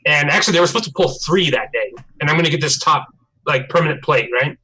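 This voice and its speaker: A bright-voiced young man speaking a little higher than most men, chatting on a live stream. He tells his story in a loose, profane, animated way. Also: fast, husky, rough recording. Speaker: livestream co-host. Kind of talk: casual live-stream chat.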